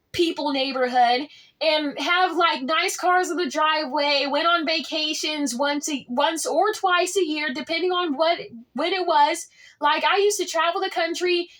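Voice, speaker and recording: A woman's voice: extremely high pitch, a bit bright. A woman telling a storytime vlog in a casual, outspoken way, swinging her voice up and down dramatically. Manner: outspoken and boastful. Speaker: vlogger.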